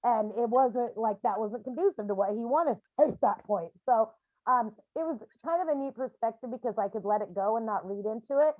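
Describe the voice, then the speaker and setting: A woman's voice: on the high side, no echo, highs cut off. A woman who works as a medium, talking casually and with energy as she leads a grief support call, acting out scenes in other voices. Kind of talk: casual video call counselling. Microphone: video call.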